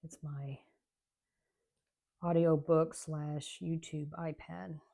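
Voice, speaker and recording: A woman, chatting casually and rambling softly as she works on a craft at home. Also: low-pitched, level tone, slow, creaky. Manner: chatty, rambling, soft-spoken. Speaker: craft channel host. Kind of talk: casual chat while crafting.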